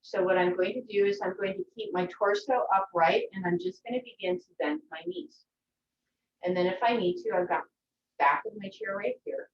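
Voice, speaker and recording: A woman teaching a yoga class from home, giving gentle, encouraging instructions. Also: mid-range voice, lively intonation, moderate pace, vocal fry. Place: her home. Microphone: video call from a distance. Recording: echoey, distant, dull video-call audio.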